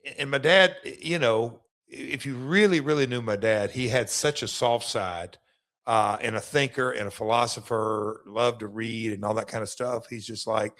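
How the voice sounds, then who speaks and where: Middle-aged guy hosting a podcast, rambly, keeps restarting his sentences, mid-pitch voice. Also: normal speed, a bit bright. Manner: rambling, many restarts and stammers. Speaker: podcast host, former wrestler. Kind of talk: casual storytelling chat.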